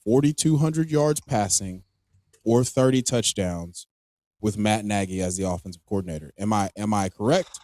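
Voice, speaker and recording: A man co-hosting a live podcast stream, talking fantasy football in a casual, animated way, ranting and swearing freely. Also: lowish voice, normal speed, no echo, studio quality. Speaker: podcast co-host.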